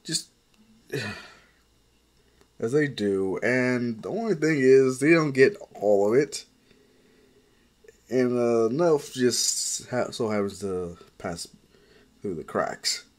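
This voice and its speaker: A man's voice: medium pitch, animated, slow, pauses often. A man casually narrating an improvised fan story in a rambling way. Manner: casual, rambling, filler-heavy.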